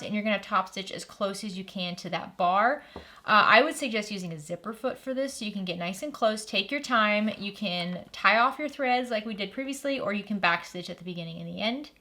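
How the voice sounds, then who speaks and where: A woman's voice: mid-range voice, brisk, sharp tone. A woman hosting a sewing tutorial, walking through each step in a friendly, practical way and stopping now and then to correct herself.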